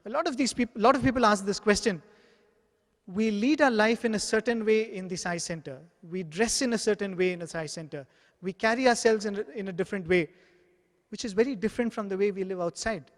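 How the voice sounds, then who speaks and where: A man's voice: sits high, a little fast. A man giving an earnest devotional talk, telling anecdotes and acting out the dialogue in them. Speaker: spiritual speaker. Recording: long hall reverb.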